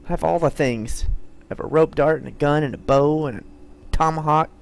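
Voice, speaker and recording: Gravelly guy muttering playfully over a game stream, kinda high voice. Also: steady tone, fairly quick. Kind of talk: live gameplay commentary.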